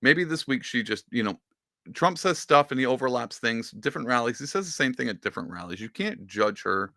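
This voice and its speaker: A man talks through his podcast in a loose, rambling way, with sarcastic asides. His voice is gravelly and bright, and it swings widely in pitch. The sound is dry and close. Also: lively intonation, fairly quick, no room sound. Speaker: podcast host. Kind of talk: casual political commentary.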